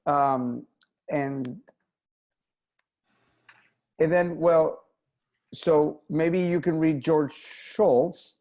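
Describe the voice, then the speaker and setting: A theater director hosting a panel over a video call, talking in a halting way with many fillers and restarts. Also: male voice, a little high, mellow, highs cut off. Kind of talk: casual video-call chat.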